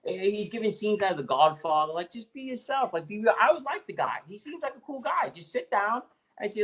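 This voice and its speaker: A man talks quickly and bluntly in a played podcast clip, stumbling and restarting as he goes. His voice sits fairly high, and the sound is a little dull. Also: sing-song, a bit bright. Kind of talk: casual chat.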